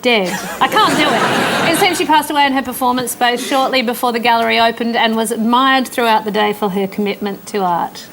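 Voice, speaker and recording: A woman with a fairly high voice puts on a deadpan mock newsreader delivery for a comic story. She sits on a television studio panel, and an audience chuckles audibly around her. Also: a little fast, a loud crowd, very noisy. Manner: deadpan news-story reading.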